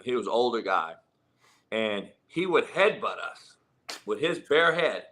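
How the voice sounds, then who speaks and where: Brash profane man, bright voice. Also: mid-range voice, sing-song, a little slow. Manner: blunt, swears freely, laughs often. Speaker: football coach and podcast host. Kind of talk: profane casual sports talk.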